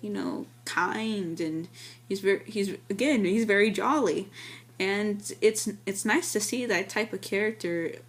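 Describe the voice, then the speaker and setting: A woman giving a casual, enthusiastic film review, rambling with many fillers and restarts. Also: mid-range voice.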